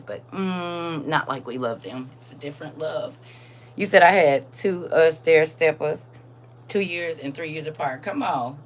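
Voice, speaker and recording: An older woman, hosting a casual live chat, laughing and swinging between soft asides and loud high bursts. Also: recorded from a distance, a little hiss or hum. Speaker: host reading viewer comments.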